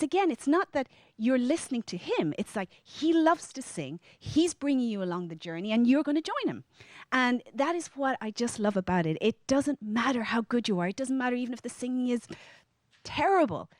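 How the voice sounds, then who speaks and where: A middle-aged woman with an Irish accent, telling a personal story to a live audience in a lively, animated way. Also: no room sound. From Ireland. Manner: lively, animated, acts out quoted lines in a higher voice.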